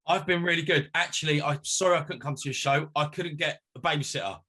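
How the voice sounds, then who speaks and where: Bright-voiced man telling stories. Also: fairly high pitch, quick pace. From North West London. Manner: chatty storyteller, laughs easily. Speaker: guest. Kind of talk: casual chat.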